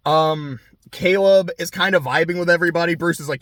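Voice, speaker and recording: A man hosting a casual recap podcast, telling the story in a chatty, excitable way with plenty of swearing. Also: a little high, brisk, few pauses, no room sound. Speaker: podcast host recapping a TV show.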